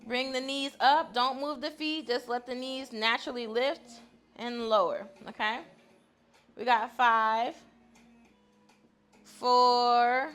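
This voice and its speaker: A woman's voice: high-pitched, steady tone, moderate pace, fairly bright tone, faint music behind. A woman guiding a stretching class in an upbeat, chatty way, often laughing as she talks. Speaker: fitness instructor.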